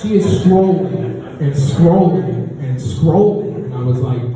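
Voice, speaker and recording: A man's voice: medium pitch, animated, takes it slowly, hardly any pauses, dark tone, soft background music. A young man performing a stand-up comedy set in a club, telling a story with lots of filler words. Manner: conversational storytelling with many fillers. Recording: echoey far-off club recording, dull.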